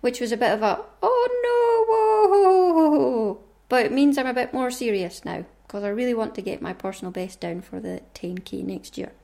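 A woman's voice: mid-range voice, a little fast, gravelly, hardly any pauses, darkish tone. A woman hosting a podcast, chatting casually and self-mockingly to her listeners. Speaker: podcast host.

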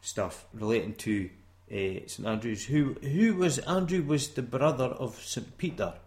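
A man's voice: medium pitch, animated, unhurried, a little mellow. A Scottish man chatting as a co-host, with dry teasing remarks. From Scotland. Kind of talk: casual chat.

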